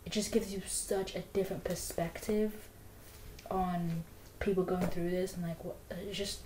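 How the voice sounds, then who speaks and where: A woman's voice: on the low side, flat delivery, moderate pace, dark tone, slight background noise. A young woman in casual book review chat, rambling with lots of "like" fillers. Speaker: book vlogger. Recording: echoey room.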